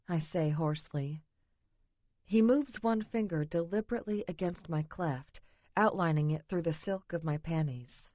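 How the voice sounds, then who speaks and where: A woman reading a first-person romance audiobook in an intimate, breathy way. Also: fairly low pitch, normal speed, dark tone, no room sound. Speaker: audiobook narrator.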